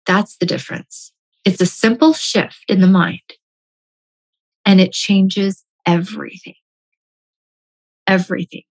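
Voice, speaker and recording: A woman's voice: mid-range voice, fairly even intonation, takes it slowly, creaky, long pauses. Woman telling a personal story emphatically. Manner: emphatic, repeats key phrases.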